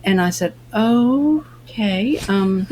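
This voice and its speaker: A woman, an actress, talking as a guest in a remote interview and telling stories in a lively way, acting out the lines of the people in them. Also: medium pitch, drawn-out words. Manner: animated storyteller acting out dialogue.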